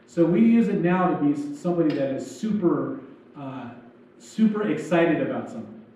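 A man's voice: a little high, expressive, normal speed, warm tone. A man preaching a sermon as pastor, in a loose, joking style with acted-out asides. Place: church sanctuary. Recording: echoey church hall, distant dull mic.

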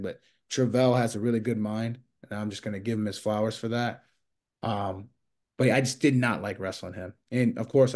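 A man in his thirties talks casually as a guest, spinning rambling anecdotes and acting out other people's lines. His voice sits at an ordinary middle pitch for a man. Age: 30s. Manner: rambling, animated anecdotes with quoted dialogue. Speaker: guest wrestler and coach. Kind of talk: casual storytelling interview.

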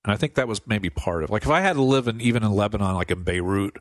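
A man, a priest, telling stories from his life in a relaxed radio interview, laughing often and acting out the voices of people he quotes. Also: fairly low pitch, fast talker, no room sound, clean studio sound. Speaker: priest guest. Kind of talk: casual storytelling interview.

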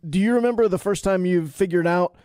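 A man's voice: high voice, brisk, warm tone, no echo, clean studio sound. A man hosting a podcast, asking long, full-sentence questions in an interview. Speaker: podcast host.

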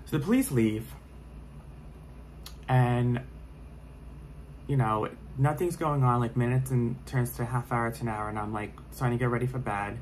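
A man's voice: mid-range voice, normal speed, long pauses, slight background noise, rough recording. Rambling young man telling a story. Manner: rambling, full of "like" fillers and restarts. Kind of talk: casual storytime vlog.

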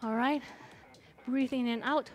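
A woman's voice: on the high side, fairly even intonation, unhurried. A woman fitness instructor coaching a live workout, encouraging and cheering her class on while out of breath. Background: faint music.

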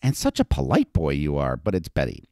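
A man's voice: rumbling low, huge pitch swings, a little fast, warm tone, dry recording, clean studio sound, full character voice. A man reading an audiobook, voicing a flirtatious, brassy frontier brothel madam in a raised, teasing voice.

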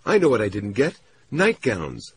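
A man's voice: lowish voice, wildly swooping pitch, moderate pace, slight background noise, pitched above the performer's own voice. A man reading an audiobook, voicing an anxious, eager young woman in a raised voice, breathless and pleading. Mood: excited.

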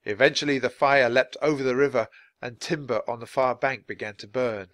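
A man's voice: mid-range voice, steady tone, a little fast, a bit bright, no room sound. A man reading a children's chapter book aloud at natural speed for language learners, with dramatic expression. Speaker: narrator.

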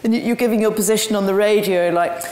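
A woman's voice: medium pitch, fast. Woman, lecture storytelling, lots of ums, echoing hall. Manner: animated storytelling with frequent ums. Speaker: guest speaker. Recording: roomy hall with long reverb.

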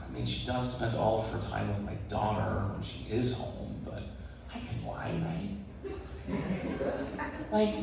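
A man hosting a stand-up comedy show, rambling and self-deprecating, laughing through his lines. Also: medium pitch. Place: live comedy venue on stage. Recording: echoey room, distant mic, loud noise.

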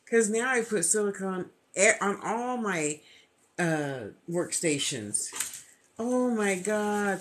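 A woman's voice: mid-range voice, expressive, a bit bright, slight background noise. A woman vlogger in casual, gushing chat while opening a gift box. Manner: gushing, thankful, talks slowly.

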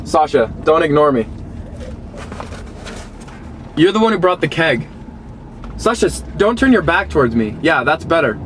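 A young man in a car giving his dog a deadpan, mock-betrayed scolding, as if she were a person. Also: fairly high pitch, fairly quick. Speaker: dog owner. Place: inside a parked car. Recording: noisy car interior.

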